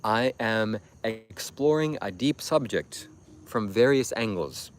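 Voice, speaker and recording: A livestream host speaks to his chat in a monologue, slow-paced and animated, with a fairly low pitch. He comes across as preachy, insistent and repetitive. A little hiss or hum sits under the audio.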